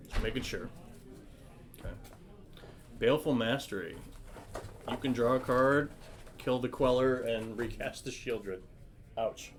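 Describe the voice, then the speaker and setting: Male play-by-play caller, mid-pitched, excitable, live game commentary. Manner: excitable, quick reactions to each play. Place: card shop.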